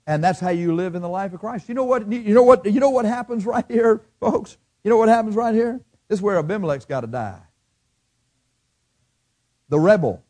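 A middle-aged man preaching a sermon, swinging between loud bursts and hushed asides and acting out the voices of his listeners. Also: fairly high pitch, animated, normal speed. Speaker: pastor.

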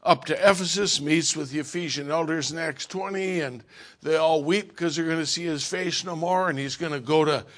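Bright-voiced man preaching with folksy punch. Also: a little high, moderate pace. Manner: emphatic folksy storytelling. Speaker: pastor. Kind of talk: sermon.

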